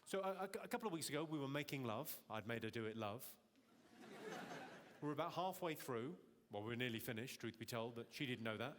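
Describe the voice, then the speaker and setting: A man doing stand-up in a large theatre, deadpan and teasing the audience. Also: mid-range voice, fairly quick. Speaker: stand-up comedian. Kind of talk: stand-up comedy with crowd work. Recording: reverberant hall, loud noise, crowd.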